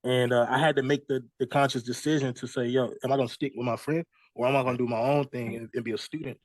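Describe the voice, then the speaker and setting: A young man, a music artist, tells his story in a relaxed, conversational way and slips into the voices of the people he quotes. His voice is mid-pitched and recorded dry and close, with no room sound around it. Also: quick pace, no echo. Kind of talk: casual storytelling interview.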